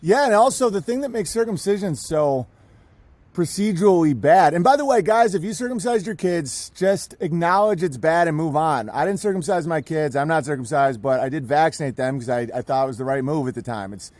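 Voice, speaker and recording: A man's voice: on the high side, expressive, brisk, darkish tone, dry recording. A man speaking as a guest in a casual podcast conversation, rambling and irreverent.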